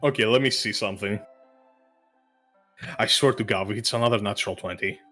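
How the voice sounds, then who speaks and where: A man's voice: on the low side, brisk, pushed and bright, soft background music. A man narrating as game master of a tabletop game, laid-back and joking.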